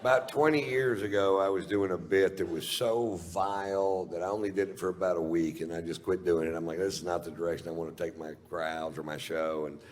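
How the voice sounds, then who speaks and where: Deep-voiced man doing drawling stand-up. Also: steady tone, fairly quick, hardly any pauses, slight background noise. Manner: drawling, profane, laid-back storytelling. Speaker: stand-up comedian. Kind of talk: stand-up storytelling. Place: live comedy stage. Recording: reverberant live venue with faint ambience.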